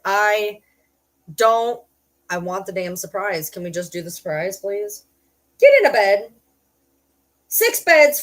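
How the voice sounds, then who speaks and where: A middle-aged woman streamer chatting casually with her viewers, blunt and profane, breaking into loud yells now and then. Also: medium pitch. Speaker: streamer reading chat. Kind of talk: casual live-stream chat.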